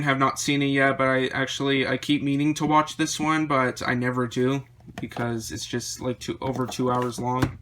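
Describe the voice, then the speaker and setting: A man vlogging about his movie collection, rambling through titles with quick opinions, his voice a little worn. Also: medium pitch, fairly bright tone, slight background noise. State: slightly losing his voice. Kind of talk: casual chat showing a collection.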